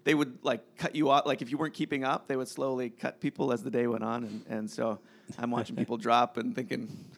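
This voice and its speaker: A man's voice: mid-range voice, little pitch movement, fairly quick. A man, a pastor, telling a self-deprecating story on a podcast in an amused way. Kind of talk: casual podcast conversation.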